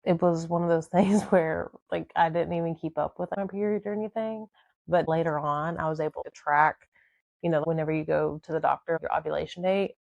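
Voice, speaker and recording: A woman's voice: fairly low pitch, fairly even intonation, fairly quick, creaky, a little mellow, no room sound. A young woman casually telling her own life story, candid and rambling, with many fillers. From southern United States.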